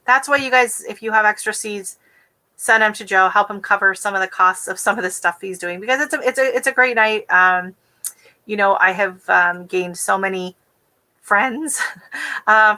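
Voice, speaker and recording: Bright, fast-talking woman streaming live. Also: mid-range voice, low-quality recording. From West Coast of the United States. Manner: fast-talking, chatty, giggly. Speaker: gardening channel host. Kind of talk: casual livestream chat.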